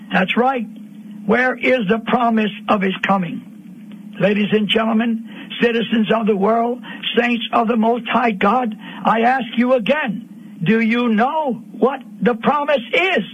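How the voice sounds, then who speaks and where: A man preaching a fiery radio sermon, repeating lines and rising to shouts. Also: very high voice, slightly rough. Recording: dull lo-fi radio broadcast.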